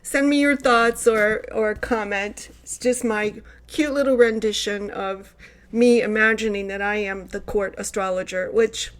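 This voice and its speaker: A woman's voice: medium pitch, steady tone, a little slow. A woman astrologer hosting her horoscope channel, talking casually in a loose, rambling way. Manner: chatty and rambling, with many fillers and restarts. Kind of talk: casual spoken horoscope monologue.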